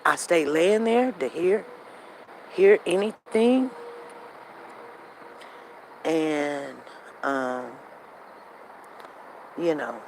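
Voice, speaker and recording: A woman hosting a casual show, telling a family story in a repetitive, animated, conversational way while walking outdoors. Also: low-pitched, a little hiss or hum, low-quality recording. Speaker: show host. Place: walking outdoors near traffic.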